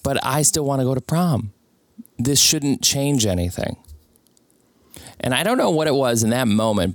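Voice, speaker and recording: A man with a fairly low voice tells a personal story in an earnest, reflective way. He voices the people in it in his own plain tone. The sound is dry and close, with little room around it. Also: no room sound.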